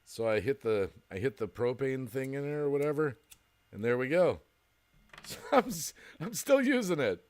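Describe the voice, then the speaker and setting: Chatty laughing man with lively pitch. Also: normal speed. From United States. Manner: chatty, laughs often, rambling. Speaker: livestream host. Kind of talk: casual chat reading viewer comments.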